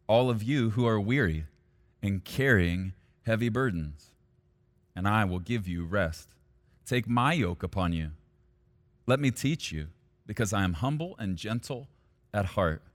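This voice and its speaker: A male pastor preaching a sermon, at times rising to loud, high-pitched intensity.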